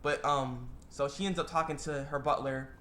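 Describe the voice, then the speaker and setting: A man casually recapping an anime episode, rambling and excitable, full of fillers and restarts. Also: on the high side, moderate pace. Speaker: anime reviewer.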